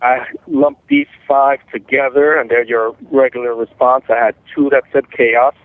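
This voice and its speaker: A man calling into a radio talk show, calmly reporting the answers people wrote down. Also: mid-range voice, moderate pace, no room sound. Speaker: co-host reporting street responses. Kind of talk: casual radio chat. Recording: tinny phone line.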